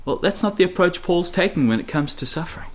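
Emphatic preacher, a man with a higher voice. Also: animated, quick pace. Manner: emphatic, repeats key phrases, drops low and quiet for stress; asks the audience rhetorical questions. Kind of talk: expository sermon.

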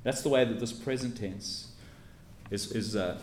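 A man's voice: lowish voice, unhurried, slight background noise. A man preaching an expository sermon, teacherly and emphatic, leaning hard on key words as he sets out his points. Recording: echoey room with faint ambience.

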